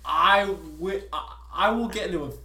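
A man with a South Jersey accent, co-hosting a podcast in casual chat, telling a story in a loud, ranting, swearing way. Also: high voice, normal speed, reverberant, a loud crowd. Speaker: podcast co-host.

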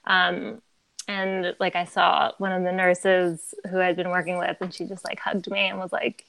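A woman's voice: medium pitch, level tone, measured pace, gravelly, a bit bright, clear, resonant tone, no echo. A woman in her thirties, a podcast guest telling her story in a candid, chatty way, filling her talk with "like" and laughing often.

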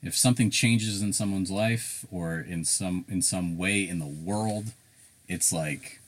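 Animated, swearing man chatting on a podcast. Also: sits low, unhurried, a little hiss or hum. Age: adult. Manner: animated, profane storytelling. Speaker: podcast co-host. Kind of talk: casual podcast chat.

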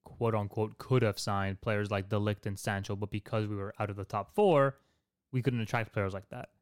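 A man talks football with a co-host in a relaxed chat. His voice is smooth and clear, recorded close in a dry room. He restarts his sentences often as he moves the conversation on. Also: on the low side, moderate pace, dry recording. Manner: leads the segments, hesitant restarts. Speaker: podcast co-host.

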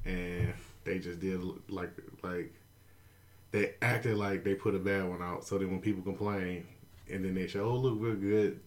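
Low-voiced slangy man ranting casually. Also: flat delivery, measured pace. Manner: laid-back, slangy, emphatic. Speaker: podcast co-host. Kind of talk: casual chat.

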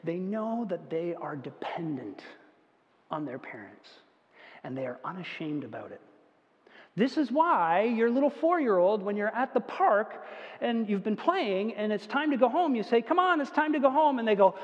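A man with a high voice preaches a conversational sermon, now and then putting on the whiny voices of little children. The sound is dull and lo-fi, with a long reverb trailing off the walls of a large hall. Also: sing-song, normal speed. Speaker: pastor.

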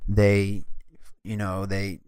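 A man's voice: lowish voice, monotone, drawn-out words, a little mellow, clean tone, dry recording, studio quality. A man co-hosting a casual podcast, talking bluntly with slang. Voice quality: blunt, slangy, says bro and baby. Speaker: podcast co-host. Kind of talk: casual chat.

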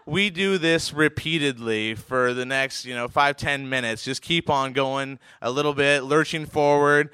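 Guy from oregon telling a funny story, chuckly and animated, crisp forceful voice. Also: on the high side, unhurried, no echo. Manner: animated, chuckling, lots of fillers and restarts. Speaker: storyteller, professional poker player. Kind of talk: comic personal anecdote.

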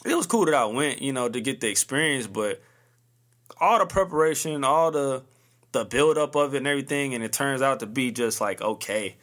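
A man's voice: medium pitch, a little fast, fairly bright tone. A man in his early thirties hosting a podcast alone, talking casually in a loose, rambling way full of slang. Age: early 30s; 30s. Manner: laid-back, rambling slang-heavy talk. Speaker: podcast host. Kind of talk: casual solo podcast monologue.

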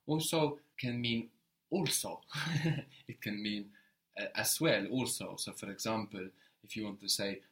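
A man teaching a one-on-one language lesson, explaining patiently and often checking with a quick question. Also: lowish voice, fairly bright tone.

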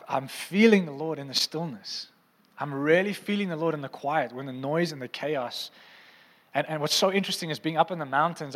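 A man preaches in a church hall with a long, ringing reverb, and his voice sits a little high. He talks in a conversational way and keeps asking the congregation whether they are following him. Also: a bit bright. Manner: conversational, asks the crowd often. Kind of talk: sermon.

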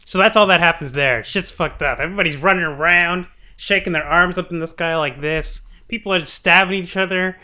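A man's voice: sits high, brisk, few pauses, sharp tone. A man co-hosting a podcast, telling a show recap as a comedy bit, swearing freely and laughing often. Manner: profane, giggly storytelling. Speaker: podcast co-host.

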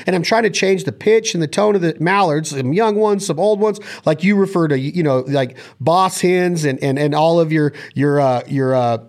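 A man's voice: on the high side, moderate pace, few pauses, darkish tone. A man hosting a casual chat on duck calling, speaking with enthusiasm and sometimes breaking into vocal call sounds. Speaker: podcast host.

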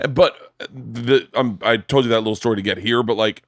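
Middle-aged man, podcast host, casual chat, animated profane storytelling, mid-pitched voice, dry close sound. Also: moderate pace, vocal fry, dry recording.

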